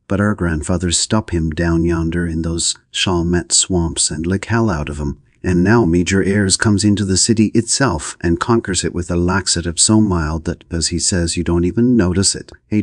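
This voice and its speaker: A brash American writer who drawls out his jokes, as a man reads him in an audiobook. The voice is very deep and a little husky. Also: normal speed, no echo, studio quality. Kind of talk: audiobook reading.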